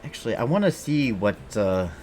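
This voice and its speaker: A man's voice: mid-range voice, very animated, normal speed, a little mellow, faint music behind. A man streaming a game, chatting casually and rambling, joking and swearing freely as he plays. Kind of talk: casual gameplay commentary.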